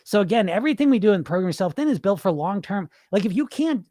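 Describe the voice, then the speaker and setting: A middle-aged man hosts a weight-loss podcast, riffing bluntly and with plenty of swearing in an animated, unscripted monologue. He laughs often, repeats his words, and talks quickly in a high-pitched voice with no room sound.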